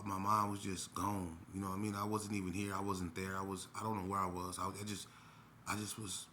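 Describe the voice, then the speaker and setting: Forceful low-voiced man, rambling. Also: slight background noise. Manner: blunt, streetwise, rambling with many restarts. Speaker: storyteller recounting his street past. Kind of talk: unscripted personal storytelling.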